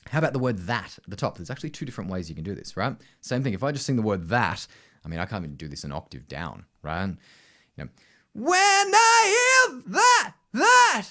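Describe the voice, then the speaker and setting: Australian man, lively low voice. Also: fast. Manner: conversational, constant "right?" tags, sings demonstrations. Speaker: vocal coach. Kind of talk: casual instructional talk.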